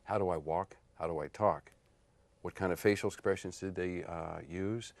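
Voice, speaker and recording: A man in his fifties, an actor and model, telling stories about his career in a relaxed interview, often laughing. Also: deep voice, moderate pace, no room sound. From Portland area, United States. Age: 50s. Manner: animated storyteller, laughs often. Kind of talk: casual interview chat.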